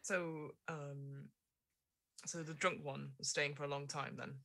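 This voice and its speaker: A woman plays a tabletop game over a call. Her voice is bright and sharp, and she answers in quick, playful remarks. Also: low voice, steady tone, vocal fry. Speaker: player.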